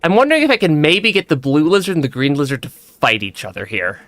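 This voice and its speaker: Young male streamer, bright tone, lively pitch, stammery casual game commentary, laughs often, dry close mic. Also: fast talker, no echo. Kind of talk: casual let's-play commentary.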